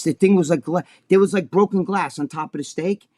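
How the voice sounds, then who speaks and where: A man with a high voice tells a profane story on a talk show. He is animated and acts out the people he quotes as he complains. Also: brisk, hardly any pauses. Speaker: co-host.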